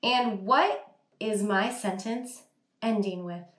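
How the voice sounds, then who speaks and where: A woman teacher giving an online reading lesson to young children, sounding out words slowly and praising the class. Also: medium pitch, a bit bright, roomy sound. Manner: slow, exaggerated sounding out of words. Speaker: kindergarten teacher.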